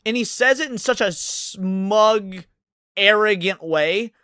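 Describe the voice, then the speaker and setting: A man's voice: sits high, takes it slowly, sharp tone, clear, resonant tone, dry recording, clean studio sound. A man ranting in a heated, profane, sarcastic way, hosting commentary over game clips. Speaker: commentary host.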